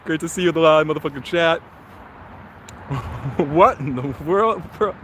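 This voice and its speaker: Walking outdoors in a park, this male host runs a casual live-stream review, chatty and rambling and often correcting himself. His voice sits fairly high and sounds a bit bright, at a normal speed. Traffic noise carries through the recording.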